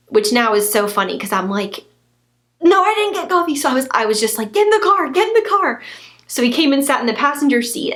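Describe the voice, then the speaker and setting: A woman in her twenties telling a personal story to camera as a vlogger, gushing and animated, with many fillers and restarts. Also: a little high. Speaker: lifestyle vlogger.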